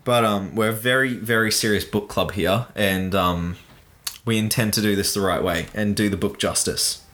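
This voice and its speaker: A man co-hosting a casual joking book chat, reading passages and talking with many restarts and fillers. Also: fairly low pitch. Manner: halting, many restarts and fillers, reads in a flat slow tone. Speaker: podcast co-host reading a book aloud.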